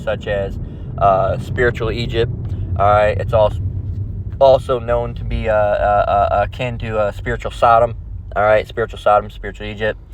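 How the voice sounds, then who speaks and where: A man's voice: on the low side, noisy background. A man giving informal scripture teaching in a loose, rambling way, constantly checking in with "all right" and "okay". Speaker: religious teacher.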